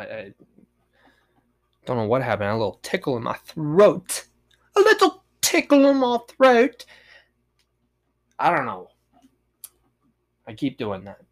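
A man hosting a solo podcast, rambling and joking with lots of swearing. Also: fairly high pitch. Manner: rambling, profane, jokey. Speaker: podcast host. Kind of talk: solo casual podcast monologue.

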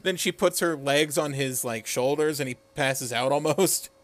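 A man's voice: fairly high pitch, moderate pace, no echo. A man co-hosting a podcast, laughing often and swearing as he retells a show. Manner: animated, laughs a lot, profane. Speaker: podcast co-host. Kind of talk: casual recap chat.

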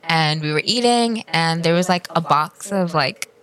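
A woman's voice: on the low side, unhurried, a bit bright. A young woman co-hosting a casual podcast chat, telling stories in a giggly, teasing way, recorded in a small room with a slight echo. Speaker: podcast co-host.

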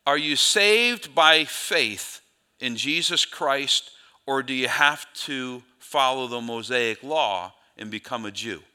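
A male pastor telling a Bible story in a sermon, in an animated way, with quick asides where he corrects himself. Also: mid-range voice, smooth.

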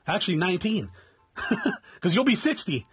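A very high-pitched, husky man in his forties from South Tucson, Arizona, lectures his viewers bluntly and swears constantly. His pitch swings widely as he rants, and faint music plays behind him. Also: sing-song, normal speed, fairly bright tone. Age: 40s. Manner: addresses viewers as guys. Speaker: vlogger. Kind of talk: profane motivational rant.

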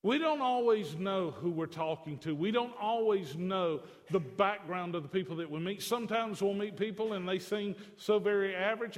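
A man preaching a sermon as pastor, mixing folksy conversational asides with emphatic declarations, in a church sanctuary. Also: high voice. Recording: long hall reverb.

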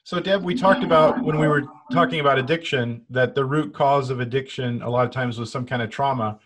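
Male interviewer, mid-range voice, measured questions. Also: medium pitch, a bit bright. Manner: asks measured follow-up questions. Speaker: interview host.

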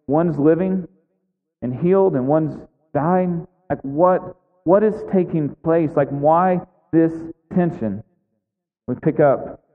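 A man with a fairly high voice preaches a sermon and acts out the voices of the people in the story as he tells it. His voice carries the long reverb of a large hall. The sound is thin and phone-like.

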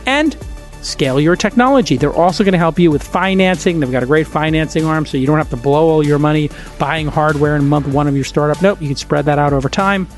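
A man hosting a podcast, talking in an energetic, emphatic way with sudden jumps in pitch, reading an ad and chatting casually. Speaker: podcast host. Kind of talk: casual podcast chat and host-read ad.

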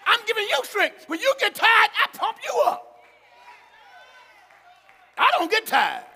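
A man preaching a sermon, shouting and emphatic, with a folksy manner. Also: extremely high pitch, wildly swooping pitch, a little slow, gravelly, a faint crowd. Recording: long reverb of a large hall.

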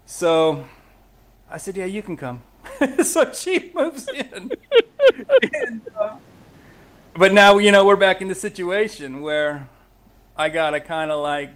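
A man's voice: on the high side, fairly bright tone. A middle-aged man, a podcast guest, telling his own story of recovery in a candid, emotional way, often laughing as he talks. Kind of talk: personal recovery story in conversation.

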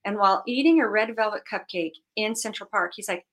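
A woman in her forties, a guest and business owner, telling her story in an animated, faith-filled way and acting out voices as she goes. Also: mid-range voice, fairly quick, husky. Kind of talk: conversational interview storytelling.

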